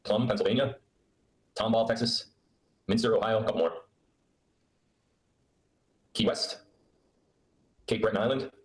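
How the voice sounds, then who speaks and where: A man runs a live question-and-answer stream on his laptop from a room during a trip, chatting to viewers in a rambling, sarcastic way. He speaks a bit slowly in a steady, lowish voice, pausing often. The laptop microphone captures rough, echoing audio.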